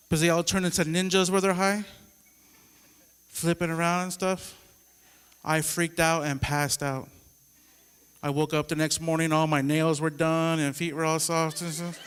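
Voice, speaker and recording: A man's voice: fairly high pitch, a bit bright, clean tone, long reverb tail. A man finishing a stand-up set in front of a live audience, talking to the crowd in a confiding way. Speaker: stand-up comedian. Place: comedy show stage, live audience.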